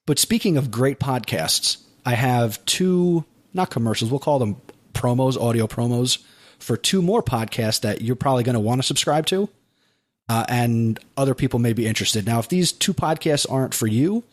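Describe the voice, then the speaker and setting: A man hosting a podcast in casual chat, who slows down to spell out web addresses. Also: mid-range voice, expressive. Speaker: podcast host.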